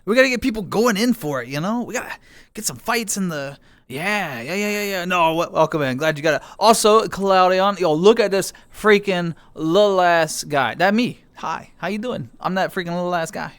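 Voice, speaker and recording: A man's voice: high voice, moderate pace, a bit bright, no echo. A tired man in casual live-stream chat, playfully greeting his viewers one by one and joking at his own expense. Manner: goofy, self-mocking. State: tired, lower energy. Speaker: livestreamer.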